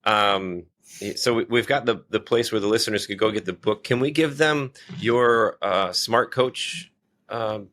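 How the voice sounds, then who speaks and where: A man hosting a podcast interview, asking his questions haltingly and restarting them often. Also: fairly low pitch, a bit bright. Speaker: podcast host.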